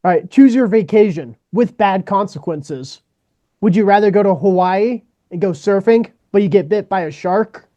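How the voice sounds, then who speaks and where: Man, high pitch, laid-back podcast host, dull lo-fi sound. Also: moderate pace, mellow, faint music behind. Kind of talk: reading quiz questions in casual chat.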